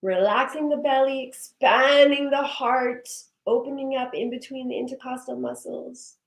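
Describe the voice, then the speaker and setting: A woman leading a guided breathing and movement session, giving slow, soothing cues and affirmations. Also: high voice, fairly even intonation. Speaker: breathwork and wellness instructor. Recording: echoey room.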